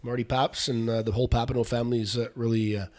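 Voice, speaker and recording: A man co-hosting a casual hockey podcast, relaxed and full of fillers. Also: mid-range voice, quick pace. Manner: relaxed, filler-heavy, frequent restarts. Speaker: podcast co-host.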